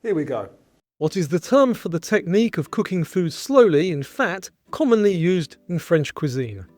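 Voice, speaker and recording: A man hosting a scripted quiz show, reading out questions and answer choices in a clear, measured way. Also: sits high, big pitch swings, darkish tone, dry recording. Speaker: quiz host.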